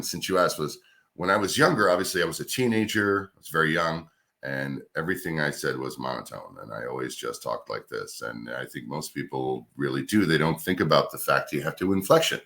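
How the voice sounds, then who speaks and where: A man with a very deep, resonant radio voice talks through his career in a casual interview. He sounds relaxed and chatty. His pitch rises and falls a lot as he tells each story. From New York's Capital Region. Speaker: radio host, guest.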